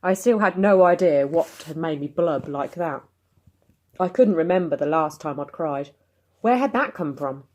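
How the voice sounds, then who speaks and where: A woman reads a bedtime story aloud at a calm, steady pace. Her voice sits low. She tells the story plainly and evenly. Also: normal speed. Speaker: story reader.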